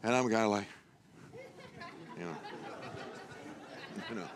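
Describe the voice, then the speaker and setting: A man's voice: fairly low pitch, slow, some chatter behind, slight background noise. A middle-aged man preaching a chapel sermon, telling a story in a conversational way with frequent asides to the listeners. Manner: conversational storytelling with frequent "you know" and "okay?". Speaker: chapel speaker.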